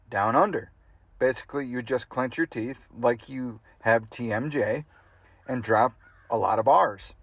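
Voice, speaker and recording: A man's voice: medium pitch, measured pace, husky, no room sound. A man reading a humorous memoir aloud in a casual, amused way, now and then laughing at the text. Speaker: audiobook reader.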